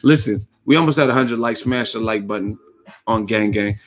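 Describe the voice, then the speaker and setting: Laughing, profane boxing streamer. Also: male voice, on the low side, normal speed. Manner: profane, joking, laughs a lot. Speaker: boxing YouTube host. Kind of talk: casual livestream commentary.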